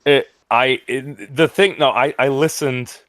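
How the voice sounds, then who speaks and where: A man's voice: mid-range voice, steady tone, measured pace, a bit bright, no room sound, studio quality. A man hosting a livestream in casual banter, rambling with many stammering restarts.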